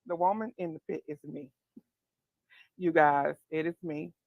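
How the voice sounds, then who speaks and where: A woman guest sharing an emotional personal testimony, tearful and earnest, speaking slowly. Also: low voice, creaky, no echo, muffled recording. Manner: tearful, heartfelt, slow and earnest.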